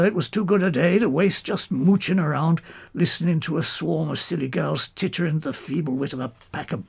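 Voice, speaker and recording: A man's voice: on the high side, gravelly, breathy edge. A man telling a first-person story in a clipped, old-fashioned, genial manner.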